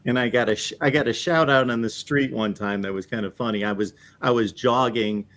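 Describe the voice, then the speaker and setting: A man hosting a sports show, telling animated anecdotes with laughter. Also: mid-range voice, fairly quick. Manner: animated storyteller, laughs while talking. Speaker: host.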